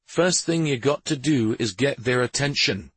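Guy doing a stern prince, husky voice pushed up higher, slow and heavy, bossy. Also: lively intonation, no room sound. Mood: fatherly. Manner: imperious, measured threats. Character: stern commanding adult male prince, fiercely protective.

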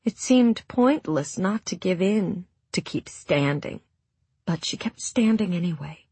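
A woman narrating a story in a hushed, emotive reading that sinks to near whispers, with a breathy voice. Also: fairly low pitch, expressive, measured pace, dry recording. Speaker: audiobook narrator. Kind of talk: scripted narration.

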